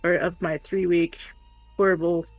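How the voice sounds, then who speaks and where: A woman's voice: fairly low pitch, little pitch movement, normal speed, no echo, dull audio, faint music behind. A woman streamer telling stories in casual chat and laughing often. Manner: chatty storytelling, laughs often.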